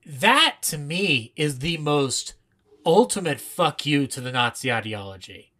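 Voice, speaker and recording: Bright-voiced podcast host recapping a film. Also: mid-range voice, slow pace. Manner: animated, acts out film quotes, laughs often. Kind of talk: casual film analysis chat.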